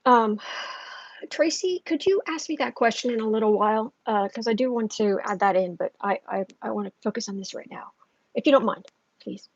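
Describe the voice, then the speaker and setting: A woman hosting a casual psychic tarot livestream at home, chatting with viewers and pausing often with fillers. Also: on the high side, no room sound. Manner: chatty, answers viewers' chat, halting with fillers. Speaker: tarot reader and livestream host. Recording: dull lo-fi stream audio.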